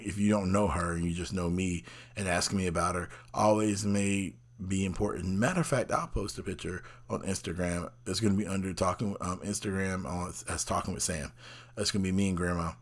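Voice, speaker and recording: A man with a fairly low voice hosting a casual motivational talk. He rambles in an easy conversational way, with restarts, and slips into quoted exchanges as he goes. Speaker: host.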